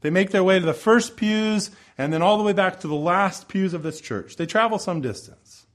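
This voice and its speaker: A male pastor preaching a sermon in a church over the sound system, impassioned, swinging between loud pleading and soft low asides. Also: normal speed. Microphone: church sound system microphone.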